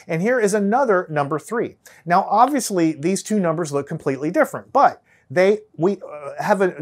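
This is a man with a Texan American accent talking through a classroom lesson at his own easy pace. His delivery is conversational, and he keeps checking in with a quick "right?" and stumbles back over his phrases now and then. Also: a little high, a little mellow. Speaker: teacher. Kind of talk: casual whiteboard lecture.

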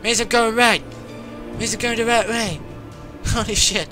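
Young man, gamer, panicky and cursing, slow drawn-out talk, loud game music behind. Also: extremely high pitch, fairly even intonation. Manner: panicky, swearing, yelling at the game. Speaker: gamer playing a horror game. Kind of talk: frantic let's-play commentary.

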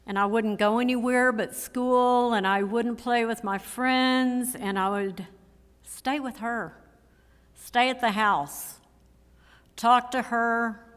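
Slow-speaking woman in her sixties giving a eulogy. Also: on the high side, a bit bright, clean tone. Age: 60s. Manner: slow, emotional, measured delivery with repeated phrases. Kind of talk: memorial eulogy. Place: church sanctuary. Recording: long church hall reverb.

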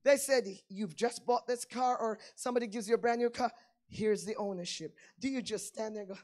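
A woman preaching a sermon, swinging between hushed lines and loud emphatic ones, acting out little everyday dialogues. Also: fairly high pitch, steady tone, moderate pace. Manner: acts out little dialogues in plain voices.

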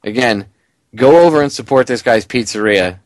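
A man hosting a talk radio show, giving excitable, indignant commentary and reading a story aloud with chuckles. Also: medium pitch, moderate pace, no echo.

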